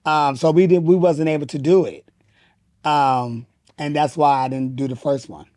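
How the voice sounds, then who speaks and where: Animated drag queen telling stories. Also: a little high, moderate pace, no room sound, studio quality. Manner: animated, acts out quotes in raised voice. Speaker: guest, drag performer. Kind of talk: casual interview storytelling.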